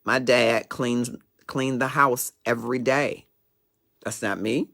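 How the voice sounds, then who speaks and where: Middle-aged male host with a gravelly, fry-edged voice at a middling pitch; emphatic and preachy, prone to digressions in a motivational talk show monologue. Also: steady tone, slow pace, pushed and bright.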